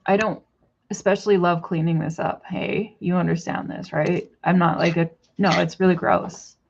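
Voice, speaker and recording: Stoned woman rambling at the camera, goes high and sing-songy scolding her pets, muffled lo-fi sound. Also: steady tone, normal speed, gravelly, slight background noise. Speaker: vlogger.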